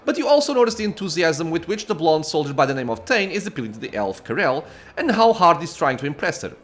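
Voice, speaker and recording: A man hosting a let's play, reading the game's story text aloud with casual asides and quick self-corrections. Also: on the high side, sing-song, a bit bright.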